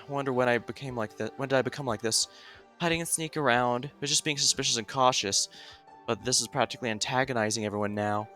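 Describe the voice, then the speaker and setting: A man's voice: mid-range voice, fairly bright tone, natural voice. A man voicing a guarded young woman investigator, reading a game story aloud in a brooding, suspicious way. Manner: brooding, suspicious, then accusing.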